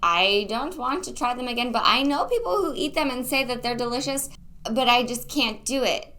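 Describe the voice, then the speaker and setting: A woman's voice: on the high side, expressive, normal speed, bright, forceful tone. A young woman co-hosting a casual podcast chat, chatty and laughing, stretching out phrases for emphasis. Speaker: podcast co-host.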